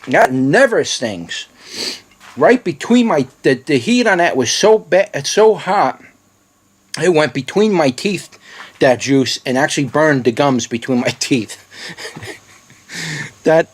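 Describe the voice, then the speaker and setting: A man reviewing a very hot pepper on camera, with watering eyes and a running nose, talking in halting bursts that repeat words between gasps. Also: on the high side. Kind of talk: casual pepper review vlog.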